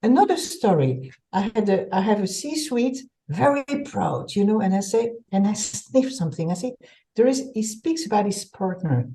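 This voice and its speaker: A woman from Belgium, an executive coach telling stories in a conversational interview, animated and restarting her words often. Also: mid-range voice, moderate pace, low-quality recording.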